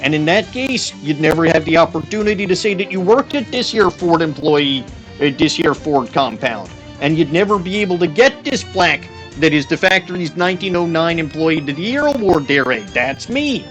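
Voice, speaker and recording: A man's voice: on the high side, lively intonation, normal speed, fairly bright tone, faint music behind. A man voicing a folksy, stubborn Canadian braggart with a put-on Canadian accent, ending every sentence with "there, eh?". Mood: hammy folksy. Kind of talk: comic game-stream voice.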